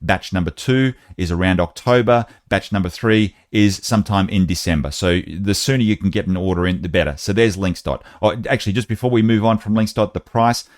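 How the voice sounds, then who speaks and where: A man's voice: sits low, a little fast, few pauses, no room sound, studio quality. A man hosting a casual update video, chatty and talking straight to his viewers as guys. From Australia. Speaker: host.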